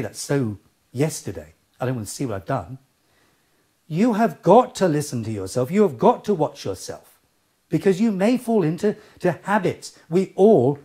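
A middle-aged man, a TV presenter and presenting coach, giving emphatic advice straight to camera. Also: on the high side. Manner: animated, emphatic, exasperated rants. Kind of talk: direct-to-camera advice talk.

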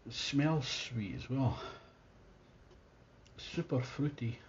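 A Scottish man chats his way through a beer tasting, enthusiastic and thinking aloud with plenty of restarts. His voice sits mid-pitch. The recording sounds a little dull and muffled. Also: lively intonation, slow, slight background noise. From Scotland. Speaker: beer reviewer. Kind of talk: casual tasting review.

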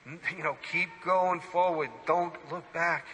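Priest, male, sermon; bright and forceful, emphatic, quizzes the congregation; church reverb. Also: fairly high pitch, a little slow. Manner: animated, emphatic preaching with direct questions to listeners.

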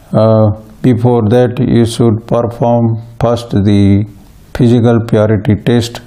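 Guy lecturing slow, lots of uhs, warm low-key voice. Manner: slow and halting, with frequent fillers and restarts. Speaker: plant pathology lecturer. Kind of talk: recorded university lecture.

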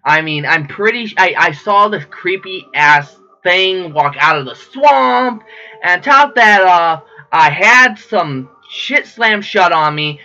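A man giving excitable, profane, joking commentary while playing a horror game. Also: sits high, slow pace. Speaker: gamer. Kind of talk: let's play commentary. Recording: dull lo-fi recording with faint game music.

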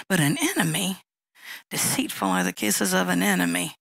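A woman pastor delivers a sermon with a gravelly, slightly creaky voice. She teaches in a conversational way, reading out Bible verses between plain everyday examples. The sound is close and dry, with no room around it. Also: lowish voice, sing-song, normal speed, a bit bright, dry recording, poor audio. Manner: conversational teaching, reads scripture aloud, acts out little dialogues.

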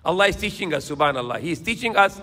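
A man's voice: high voice, animated, fast, sharp tone, in a large hall. A man preaching a sermon lecture in emphatic, repetitive phrases, now and then switching into Tagalog. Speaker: Islamic preacher.

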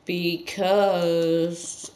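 A gaming channel host giving rambling let's-play commentary with sudden loud outbursts. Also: mid-range voice, flat delivery, extremely slow, slight background noise.

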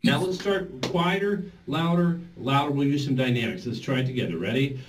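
A man's voice: mid-range voice, brisk. A man leading a group voice therapy class, coaching step by step and singing vowel exercises to demonstrate. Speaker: voice therapy instructor. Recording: distant mic with faint background noise.

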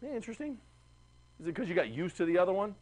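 A man teaching a history class, chatty and animated, asking the class questions. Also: high-pitched, quick pace. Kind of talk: classroom lecture.

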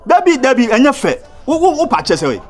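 A chatty Ghanaian character in a comedy film, rambling on in Twi. His voice is high and bounces lively up and down. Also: fast talker, faint music behind, a faint crowd, full character voice. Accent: Ghanaian, speaking Twi.

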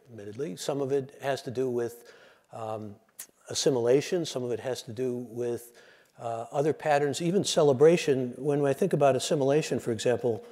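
An older man giving a lecture, telling jokes and acting out the voices in them. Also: mid-range voice. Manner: animated storyteller, acts out joke voices. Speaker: lecturer and radio host.

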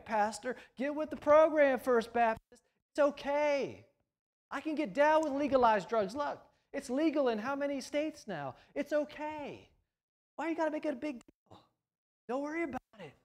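In a sermon, a male preacher puts on a breezy churchgoer who shrugs off every concern. The voice rides high and loud, coaxing and dismissive. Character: breezy permissive churchgoer, adult man.

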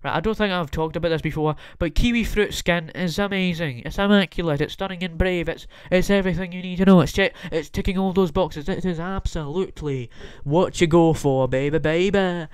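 A young man on a comedy podcast rants theatrically, looping phrases over and over for effect. His voice is crisp and smooth and sits a little high for a man, and the recording is dry and close. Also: fairly quick, no room sound. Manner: exaggerated, repetitive, theatrical ranting. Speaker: podcast host. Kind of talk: comedic rant.

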